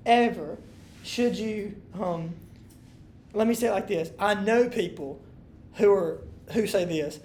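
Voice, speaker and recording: A woman's voice: medium pitch, takes it slowly, a little mellow. A woman leading a Bible study, reading scripture aloud with emphasis and then explaining it in loose, casual talk to a room of listeners.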